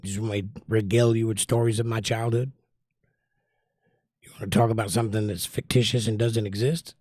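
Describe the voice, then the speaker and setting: With a fairly low voice and a slightly fast pace, this livestream host chats loosely from his desk at home beside a window. The audio is studio quality with no room sound, and he relaxes into rambling talk while reading chat comments aloud.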